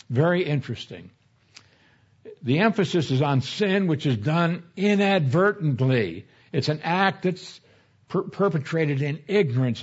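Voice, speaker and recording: A man's voice: on the high side, husky. A male pastor works through scripture in an easygoing, conversational sermon, dropping in stories from his own experience. His voice carries a mild huskiness. The recording is a little muffled and lo-fi. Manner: conversational teaching with anecdotes. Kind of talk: expository sermon.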